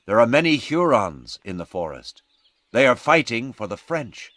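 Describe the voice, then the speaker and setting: A man doing a calm frontier scout. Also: medium pitch, moderate pace, dry recording. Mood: calm commanding. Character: steady adult male frontier scout.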